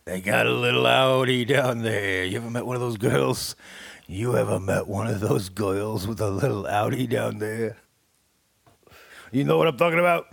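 A man co-hosting a comedy podcast, brash and boastful, with a gravelly voice and loud laughs. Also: medium pitch, moderate pace, no room sound. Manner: brash, boastful tough-guy patter with frequent laughs. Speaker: podcast co-host. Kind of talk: improvised comedy banter.

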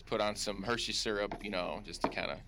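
A man's voice: on the low side, brisk, heavy background noise. A man hosting a comedic radio chat, sounding awkward and self-deprecating. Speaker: radio host.

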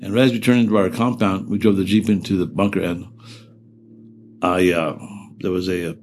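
A man's voice: deep voice, flat delivery, moderate pace, darkish tone, a little hiss or hum. An older man, a veteran, telling war stories in an oral history interview, rambling and profane, trailing off into restarts and laughing through grim memories.

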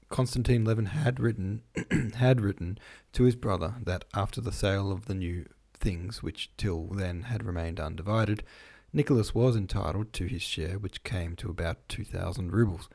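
Low, mellow man reading a novel aloud. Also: normal speed, gravelly, hardly any pauses. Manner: relaxed, stumbles over long words and rereads; chatty asides between passages. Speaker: reader. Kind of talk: informal audiobook reading of a classic novel.

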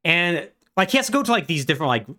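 A man co-hosting a podcast, retelling a game's story in animated, casual chat full of "like". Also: high-pitched, racing. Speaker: podcast co-host.

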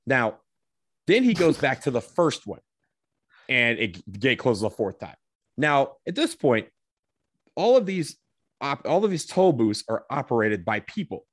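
A man telling a comedic personal anecdote, animated, swearing casually and acting out what people said. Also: mid-range voice, unhurried, pauses often, no echo, clean studio sound.

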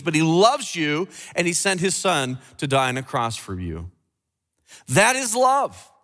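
Man, pastor, sermon, emphatic with pauses, reverberant hall. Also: a little high, a bit bright. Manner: emphatic preaching with dramatic pauses.

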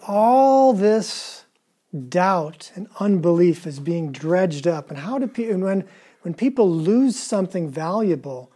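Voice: mid-range voice, warm tone, breathy edge. A preacher giving a conversational sermon, asking the listeners questions and retelling scripture in casual, everyday words.

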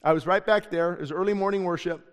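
Male pastor, sermon, earnest storytelling, slightly high voice, long church reverb. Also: steady tone, fast talker. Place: church sanctuary.

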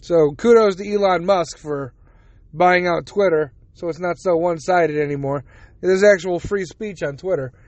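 A man's voice: sits high, moderate pace, darkish tone, no room sound. A man hosting a casual solo podcast, talking bluntly and sarcastically, mocking the other side with put-on quotes, and yawning now and then. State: yawning, drowsy. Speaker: podcast host.

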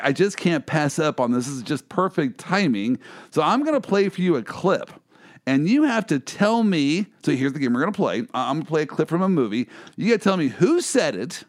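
Animated man hosting with lively pitch. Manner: animated storyteller who laughs often. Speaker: host, lawyer. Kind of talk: casual chat and anecdote.

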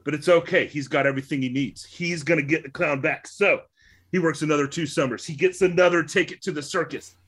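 A man's voice: on the high side, a little fast, a bit bright, slightly rough. A man in casual chat, telling a long rambling joke with swearing and laughs. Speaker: podcast co-host.

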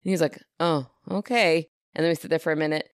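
A woman's voice: low voice, level tone, racing, darkish tone, smooth, no room sound, studio quality. Chatty woman podcast co-host. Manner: rambling, chatty storyteller with fillers. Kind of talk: casual chat.

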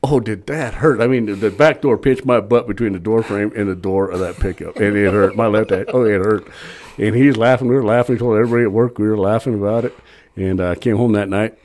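An older man with a lowish voice tells rambling, folksy stories as a podcast guest. He cusses freely and laughs through his own tales. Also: fast, darkish tone. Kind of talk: casual storytelling.

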